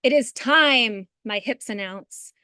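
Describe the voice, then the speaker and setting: A woman in her thirties, a poet, chatting brightly and then reading her poems over a video call. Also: a little high, slow pace, clear, resonant tone, no room sound, studio quality. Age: 30s.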